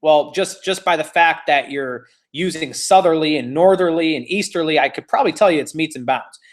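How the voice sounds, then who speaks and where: A man's voice: fairly high pitch, a little fast. Playful man teaching an exam class. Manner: playful, teasing, encouraging; walks students step by step. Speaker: real estate exam instructor. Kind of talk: live online class lecture.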